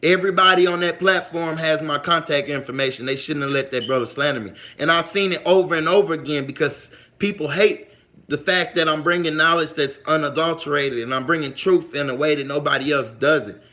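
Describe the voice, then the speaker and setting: A man's voice: on the high side, fairly quick, sharp tone. A man hosting a casual livestream, reading out chat comments and talking straight to viewers in a loose, slangy way, repeating points for emphasis.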